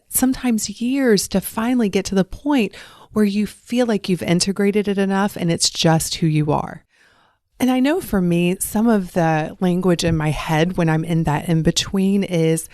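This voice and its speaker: A woman's voice: medium pitch, a little mellow, no echo, studio quality. A woman from the southern United States with a faint Southern accent, hosting a podcast as a life coach and talking straight to listeners in an earnest, encouraging way. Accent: faint Southern American. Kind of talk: solo podcast monologue.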